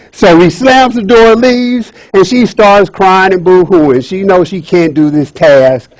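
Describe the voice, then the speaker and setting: Storyteller man, fairly high voice, dry close sound, chatty asides. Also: unhurried, hardly any pauses, darkish tone, no room sound, low-quality recording. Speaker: speaker at a speaking club. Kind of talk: storytelling speech.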